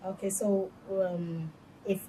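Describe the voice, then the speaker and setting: A woman's voice: mid-range voice, little pitch movement, takes it slowly, dark tone, slight background noise, poor audio. Chatty woman interviewer. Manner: chatty, hesitant with fillers.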